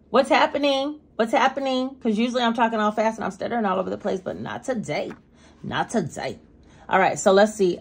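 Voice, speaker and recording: Chatty woman counting cash aloud. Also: medium pitch. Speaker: budgeting vlogger. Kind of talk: casual cash-stuffing vlog.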